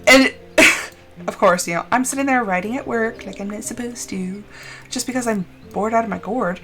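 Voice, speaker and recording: Chatty higher-pitched woman streamer. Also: normal speed, faint music behind. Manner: chatty and expressive, many fillers, laughs often. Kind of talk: casual chat while gaming on a live stream.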